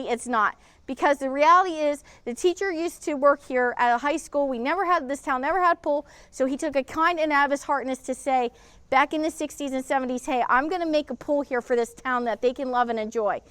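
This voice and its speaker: A woman's voice: high-pitched, a bit bright, dry recording. A middle-aged woman, hosting a casual vlog outdoors beside an old pool and talking indignantly to camera. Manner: indignant, emotional, ranting. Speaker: vlog host.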